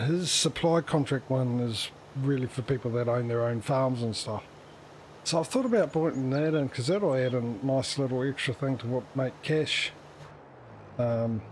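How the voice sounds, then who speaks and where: A man hosts a casual gaming livestream, rambling chattily and throwing in sarcastic asides. His voice is mid-range, with slight background noise.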